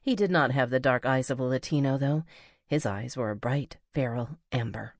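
A woman narrating a novel as an audiobook reader, in a measured, even storytelling manner. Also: very deep voice, dry recording, studio quality. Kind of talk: scripted narration.

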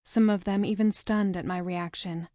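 A woman narrating a novel in the first person, with a measured, dramatic reading. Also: medium pitch, fairly even intonation, mellow, no echo, clean studio sound. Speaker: audiobook narrator.

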